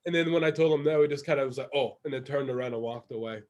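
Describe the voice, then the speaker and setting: A man hosting a casual podcast chat, telling a story in an animated way and laughing often. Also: medium pitch, racing. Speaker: podcast host.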